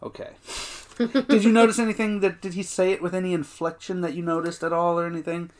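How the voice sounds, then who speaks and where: A man's voice: high voice, little pitch movement, fast talker. A man co-hosting a podcast, retelling episode scenes in loose, profane casual chat full of fillers. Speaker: podcast co-host.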